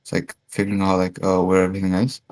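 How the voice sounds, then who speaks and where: Rambling young man, low voice. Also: monotone, quick pace, a little mellow. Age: young adult. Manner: rambling storytelling, constant "like" fillers; acts out quoted dialogue. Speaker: podcast co-host. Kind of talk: casual chat.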